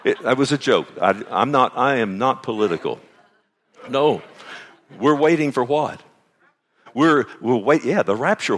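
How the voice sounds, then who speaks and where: A middle-aged pastor preaching, who keeps throwing questions out to the congregation. His voice sits at an ordinary pitch for a man. He moves between loud, fervent lines and soft, hushed ones. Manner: preaching with call-and-response questions. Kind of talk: sermon.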